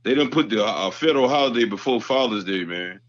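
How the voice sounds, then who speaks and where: A man's voice: medium pitch, lively intonation, brisk. A laid-back man in casual podcast chat, telling anecdotes and agreeing often. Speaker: podcast co-host. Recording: dry, dull lo-fi sound.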